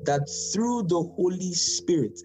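A man as pastor, teaching a Bible study sermon, quoting verses with stress and asking quick tag questions. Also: high-pitched, expressive, warm tone, soft background music, rough recording.

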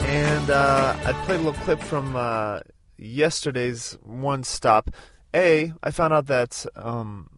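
A man's voice: medium pitch, takes it slowly, hardly any pauses, over music. A man in his thirties hosting a podcast in a casual, rambling way, with lots of fillers and restarts. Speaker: podcast host. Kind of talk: casual spoken podcast recorded on a road trip.

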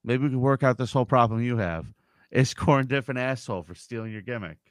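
A man co-hosting a casual comedy podcast, playful and quick to joke and riff. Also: medium pitch, no echo. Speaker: podcast co-host.

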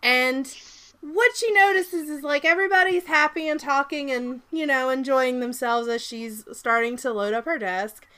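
Casting: a woman co-host with a light Southern accent, higher pitch, bright, animated storyteller. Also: moderate pace. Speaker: podcast co-host. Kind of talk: casual podcast chat.

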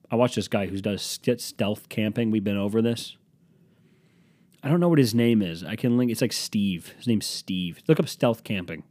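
A man's voice: on the low side, a little mellow, no room sound. A young man hosting a solo podcast, rambling in a jokey, self-deprecating way with some swearing. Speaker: podcast host.

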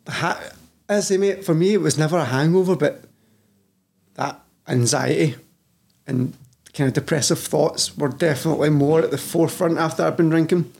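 A man's voice: fairly high pitch, normal speed, creaky, a little mellow, husky. A Scottish man in his thirties, a personal trainer talking candidly as a podcast guest, swearing freely and calling the host "mate" constantly. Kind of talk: casual podcast chat.

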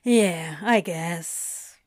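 A woman's voice: lowish voice, extremely slow, no room sound, clean studio sound, voice pushed down. A woman reading fan fiction aloud, voicing a drowsy young man who mumbles sleepily. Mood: sleepy.

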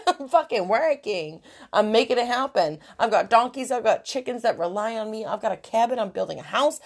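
A young woman hosting a solo podcast, talking bluntly and emotionally with lots of swearing, ranting loudly and then dropping into quiet asides. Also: medium pitch, lively intonation, normal speed, gravelly, breathy edge. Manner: profane, blunt, emotional, swinging between rants and quiet asides. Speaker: podcast host. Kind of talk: candid solo podcast monologue.

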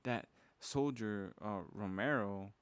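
A man's voice: lowish voice, slow pace, clear, resonant tone, no room sound. A young man hosting a podcast, giving a casual, fired-up motivational talk full of "bro" and "man". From Mexican heritage. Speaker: podcast host.

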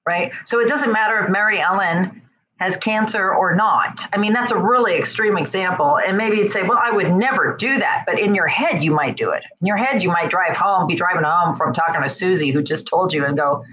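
A woman's voice: lowish voice, moderate pace, muffled recording, a little hiss or hum. A woman giving a conversational self-help talk, speaking straight to her listeners and often checking in with "right?". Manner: animated, acts out quoted voices.

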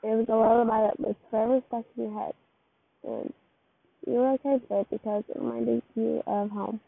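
Gravelly woman casually reading fan fiction. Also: fairly high pitch, fairly even intonation, fairly quick, no room sound. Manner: loose, rambling delivery with slips and restarts. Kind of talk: casual second-person story reading. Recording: tinny, phone-like dry recording.

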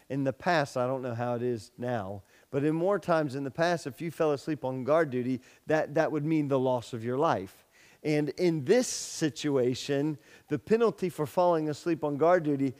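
A male pastor delivers a sermon in a fairly high voice, telling a story with frequent restarts and repeated words. He raises his voice sharply for the story's dialogue. The sound carries a long reverb from a hall. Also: a little slow, darkish tone.

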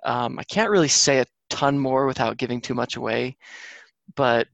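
A man's voice: mid-range voice, moderate pace, gravelly, no room sound, highs cut off. A man co-hosting a podcast, talking casually and rambling a little about books, with plenty of fillers. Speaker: podcast co-host. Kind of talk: casual chat.

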